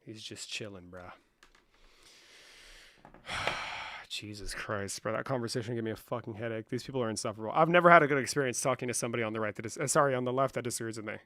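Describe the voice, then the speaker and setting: A man hosting a livestream in a casual, profane, slangy manner, saying "bro" a lot and swinging between low muttering and loud outbursts. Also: fast talker, long pauses, dry recording. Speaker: livestream host.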